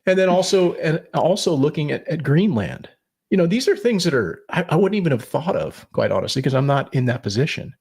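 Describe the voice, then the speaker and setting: A man's voice: fairly high pitch, big pitch swings, brisk, darkish tone, slightly rough. A man co-hosting a podcast, giving blunt political opinions, swearing and rambling with restarts. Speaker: podcast co-host.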